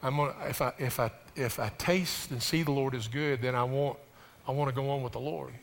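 A man preaching a sermon to his congregation, stumbling over restarts and building to loud, rising emphasis. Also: mid-range voice, steady tone, fairly quick, gravelly. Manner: addresses the congregation directly. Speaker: pastor. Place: church sanctuary. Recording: preached in a reverberant hall.

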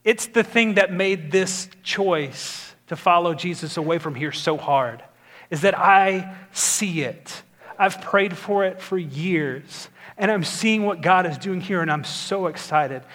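A man's voice: high-pitched, slow, a bit bright. A man preaching a sermon as pastor, earnest and building to emphatic exhortation.

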